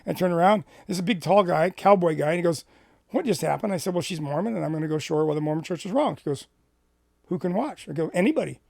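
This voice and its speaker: Gravelly man telling a church story. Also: a little high, fast talker, no echo, studio quality. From Washington State. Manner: animated storyteller, acts out dialogue. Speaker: Christian ministry speaker. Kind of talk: personal storytelling.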